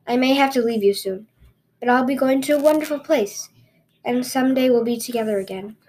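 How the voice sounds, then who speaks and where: A woman voicing a gentle, dying mother who speaks softly and tenderly to her daughter. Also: high-pitched, a little fast, close to an everyday voice, poor audio. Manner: soft, tender, weak.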